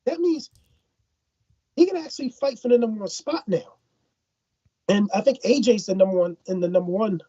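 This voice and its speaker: A woman's voice: medium pitch, expressive, moderate pace, pauses often, warm tone, breathy edge, dry recording, dull audio. A woman from Ireland co-hosting a casual boxing talk show, opinionated and given to repeating words while she thinks.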